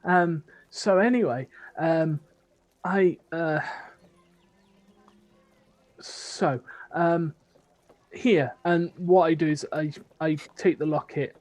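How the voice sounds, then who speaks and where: A man's voice: fairly high pitch, slow, long pauses, darkish tone. A man playing a tabletop game, hesitantly describing what his character does. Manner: hesitant, lots of fillers. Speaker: player.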